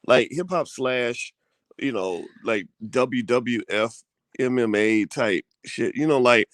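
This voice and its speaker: A man in casual conversation, talking in an animated way with frequent restarts and blunt slang. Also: mid-range voice, takes it slowly, no echo. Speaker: co-host. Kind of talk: casual chat.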